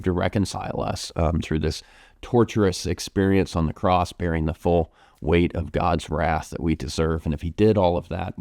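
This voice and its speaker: In a pastoral Q&A talk, a pastor with a deep, low American-accented voice edged with vocal fry reflects gently on a question from his congregation. Ums and restarted thoughts punctuate his answer. There is no room echo; the sound is dry and close.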